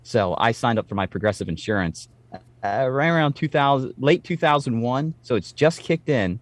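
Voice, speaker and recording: A man's voice: mid-range voice, moderate pace, no echo. Guy in his late 30s ranting a story on a podcast, swears a lot, mid voice, dead dry mic. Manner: animated storyteller, swears freely. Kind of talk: casual chat.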